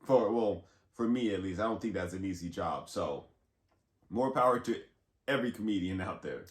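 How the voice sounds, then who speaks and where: A man's voice: low voice, lively intonation, moderate pace. A man hosting a reaction video, chatting casually and speaking directly to his viewers. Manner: chatty, asks viewers to comment. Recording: roomy echo.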